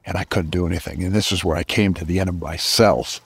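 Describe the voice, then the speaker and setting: A man's voice: low voice, steady tone, quick pace, vocal fry, husky, no room sound. A middle-aged man as a podcast guest, earnestly telling a personal story with reflective emphasis.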